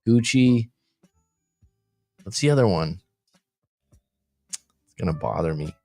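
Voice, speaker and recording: Low-voiced man rambling on a livestream. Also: animated, slow, darkish tone, soft background music. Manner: rambling, jokey, reads chat aloud. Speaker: coaching show host. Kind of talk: casual livestream chat. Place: room by street windows, abroad.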